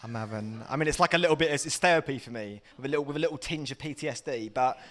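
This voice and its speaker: A young Englishman doing a stand-up comedy set, excitable, with sudden loud shouty bursts. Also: medium pitch, very fast.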